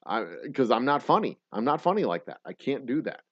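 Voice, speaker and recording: Hosting a casual chat show, a man stumbles through a profane, rambling story full of restarts, speaking fairly quickly in a sing-song medium pitch that's a bit bright with a breathy edge. It's a dry recording with slightly dull lo-fi sound.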